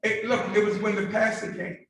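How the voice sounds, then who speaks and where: A man's voice: high-pitched, little pitch movement, fairly quick, a bit bright. A male pastor preaching a call-and-response sermon, coaxing the congregation to repeat his words after him. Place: church sanctuary. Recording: very echoey church hall from far off.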